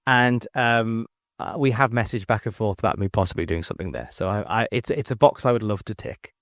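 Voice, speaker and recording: A man's voice: brisk, no echo, studio quality. A man, chatting as a podcast guest, telling rambling stories full of restarts. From England. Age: 40s. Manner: animated storyteller, jumps up in pitch for quoted voices. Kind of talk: casual chat.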